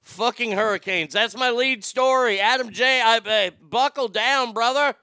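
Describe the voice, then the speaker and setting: A man's voice: very high-pitched, a little slow, few pauses, bright, forceful tone, clear, resonant tone, dry recording, studio quality. A man hosting a casual morning radio show, reading listener messages in a brash, profane, joking way and often stammering.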